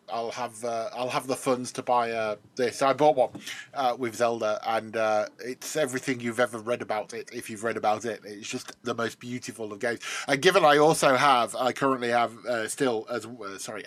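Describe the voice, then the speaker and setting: A man's voice: mid-range voice, a bit bright. Hesitant man chatting about games. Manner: hesitant, many fillers and restarts, enthusiastic. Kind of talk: casual chat about video games.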